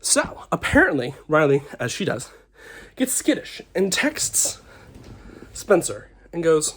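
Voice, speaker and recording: A man's voice: fairly high pitch, wildly swooping pitch, slow pace, fairly bright tone, slightly rough. A young man who is tipsy, giving a dramatic, theatrical reality-show confessional and acting out what others said. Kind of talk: confessional to camera.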